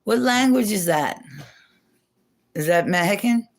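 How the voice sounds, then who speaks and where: A woman's voice: medium pitch, animated, measured pace. Rambling, chatty woman livestreaming. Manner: rambling, chatty, laughs often, swears casually. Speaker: livestream host. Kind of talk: casual livestream chat.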